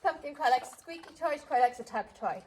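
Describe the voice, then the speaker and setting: A woman's voice: sits high, animated, fast talker. A woman dog trainer explaining recall step by step, stopping now and then to call and praise her dogs. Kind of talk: outdoor training demonstration.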